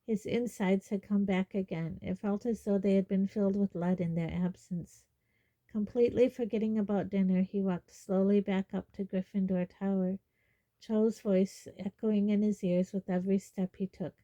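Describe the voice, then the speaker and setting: A woman reading a storybook aloud in calm, even narration. Her voice is very dark and mellow, at a middling pitch for a woman. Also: normal speed, muffled recording. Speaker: audiobook reader.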